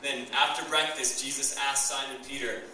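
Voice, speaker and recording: A man's voice: medium pitch, level tone, moderate pace, bright, forceful tone, slight background noise. A young man preaching a sermon as pastor, enthusiastic and conversational, recorded in a church hall. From Canada. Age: young adult. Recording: echoey church hall, mic far off.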